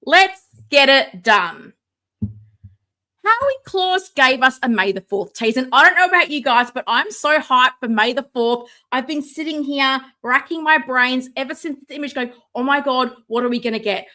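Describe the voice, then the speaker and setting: A woman hosting a live stream from home, chatting casually, excitable and sarcastic, sometimes shouting. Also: high voice, moderate pace. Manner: excitable, sarcastic, loud at times. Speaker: livestream host. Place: home room with ring light. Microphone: no mic close by, computer setup.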